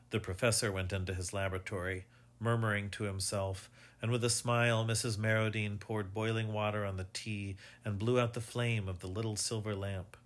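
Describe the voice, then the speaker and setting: A man reading a mystery story aloud as narrator, in a measured, even storytelling manner. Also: fairly low pitch.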